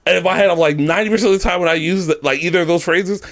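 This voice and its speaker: A man's voice: sits high, very fast, a bit bright. A man co-hosting a podcast in casual chat, telling stories, laughing often and acting out quoted lines. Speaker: podcast co-host.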